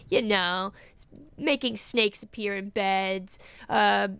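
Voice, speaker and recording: A woman's voice: medium pitch, slow pace, gravelly, fairly bright tone, smooth. A woman playing a game on her channel, reading the characters aloud with playful, jokey asides. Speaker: gaming YouTuber. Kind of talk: playing and voicing a visual novel.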